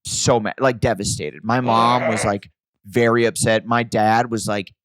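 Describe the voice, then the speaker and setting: A man co-hosting a podcast, telling stories in casual chat, animated and swearing as he acts out his parents. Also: lowish voice, unhurried, a little hiss or hum. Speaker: podcast co-host.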